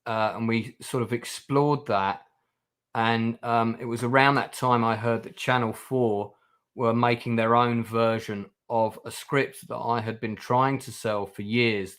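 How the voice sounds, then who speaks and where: A man's voice: fairly low pitch, a bit bright, smooth. A man hosting a livestream, chatting casually with guests, with lots of fillers and restarts. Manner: rambling, many fillers and restarts. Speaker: channel host.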